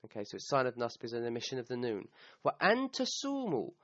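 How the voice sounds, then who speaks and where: A man's voice: medium pitch, flat delivery, racing, no echo. A man gives a recorded grammar lesson, walking through each point and checking in with "okay?" as he goes. The sound is a bit dull and dry, with no room around it. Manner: explanatory, checks in with "okay?", quotes Arabic verses. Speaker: Quran teacher.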